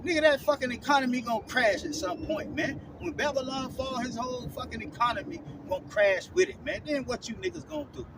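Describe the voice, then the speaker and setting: This street preacher, a man with a very high voice, delivers a confrontational online sermon teaching scripture, scolding bluntly in profane street talk and closing nearly every phrase with "man" or "all right?". He speaks expressively and fairly quickly with few pauses, standing away from the mic outdoors. Clear traffic noise runs beneath his voice.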